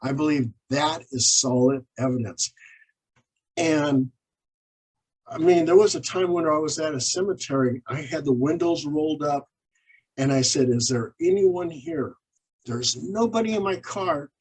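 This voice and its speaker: Husky, animated man telling ghost stories. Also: fairly high pitch, normal speed, poor audio. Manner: animated anecdotes, acts out quoted dialogue. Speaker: paranormal investigator and author, guest. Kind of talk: storytelling in an interview.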